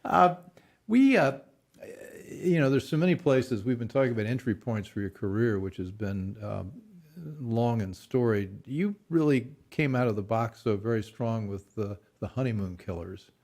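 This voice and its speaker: A man with a fairly low voice hosts an interview show. He speaks in a measured way and introduces his guest with admiration. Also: lively intonation, a little mellow. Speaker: host.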